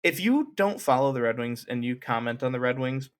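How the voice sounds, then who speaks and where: A man's voice: medium pitch, expressive, fairly quick, noisy background. A man co-hosting a podcast in casual chat, rambling and restarting his sentences. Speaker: podcast co-host.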